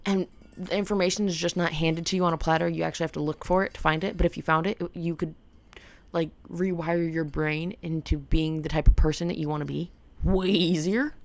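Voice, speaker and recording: A woman with a low, gravelly voice and plenty of vocal fry chats loosely to her camera. She rambles playfully and leans on "like" as she works through her thoughts. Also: fairly even intonation, brisk. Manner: rambling and playful, heavy use of "like". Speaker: vlogger. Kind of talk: casual self-help chat to camera.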